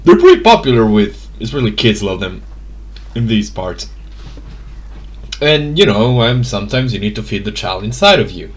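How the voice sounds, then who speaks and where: A man's voice: fairly low pitch, big pitch swings, moderate pace. A man narrating a tabletop game as game master, hesitant and full of fillers and restarts.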